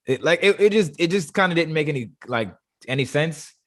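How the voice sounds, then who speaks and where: A man hosting a casual review chat, stumbling and repeating words when he gets excited. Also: a little high, a little fast. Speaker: show host.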